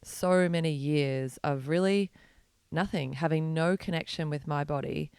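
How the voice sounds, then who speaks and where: A woman's voice: low-pitched, a little slow, darkish tone, clear, resonant tone, no echo, studio quality. An Australian woman in her thirties, a podcast guest who speaks earnestly and frankly at length. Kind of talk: candid interview conversation.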